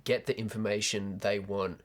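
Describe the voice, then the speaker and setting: A man's voice: fairly low pitch, flat delivery, moderate pace. A young man co-hosting a casual podcast chat, opinionated and swearing freely. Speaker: podcast co-host.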